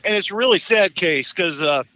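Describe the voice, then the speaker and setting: Fifties male caller, high and bright, profane, animated storyteller with restarts, muffled lo-fi line. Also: moderate pace. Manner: profane, animated, stumbling restarts, laughs at his own story. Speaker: caller telling his divorce story. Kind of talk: casual storytelling on a live talk show.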